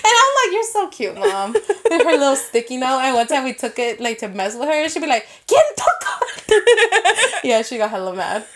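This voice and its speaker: A woman's voice: high voice, animated, quick pace, hardly any pauses. A woman co-hosting a podcast in casual chat, swearing freely, laughing often and acting out her family's lines. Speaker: podcast co-host.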